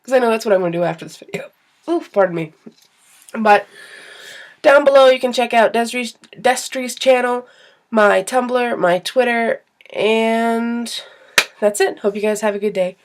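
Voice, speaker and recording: Rambling young woman vlogger, higher voice. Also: normal speed. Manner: rambling, animated, self-deprecating. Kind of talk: casual storytelling to camera.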